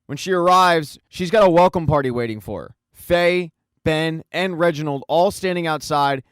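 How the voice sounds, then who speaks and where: A man, host of a recap channel, narrating a plot summary in a brisk, storytelling manner with casual asides. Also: a little high, clean tone, dry recording.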